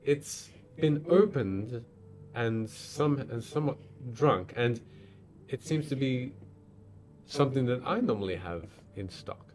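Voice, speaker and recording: A man's voice: mid-range voice, expressive, slow, a little mellow. A man voicing a polite, apologetic female innkeeper who speaks formally and hesitantly. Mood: courteous.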